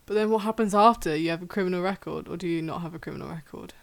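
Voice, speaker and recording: Low-voiced woman posing questions. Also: rapid-fire, gravelly. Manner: laughs often, asks questions. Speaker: podcast host asking questions. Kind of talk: casual chat.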